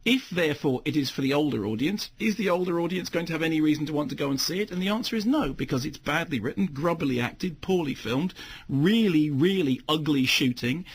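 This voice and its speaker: A man's voice: on the high side, fast, a little hiss or hum. A man reviewing a film on the radio in a casual, rambling and sardonic way, often correcting himself as he goes. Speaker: film critic.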